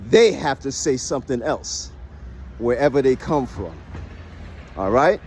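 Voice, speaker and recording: An American man vlogs to his viewers in a casual, emphatic monologue, lecturing and persuading while constantly asking "right?" as he argues his point. His voice is mid-range and somewhat dark, with lively intonation and a slightly slow pace, and there's a faint hiss or hum in the recording.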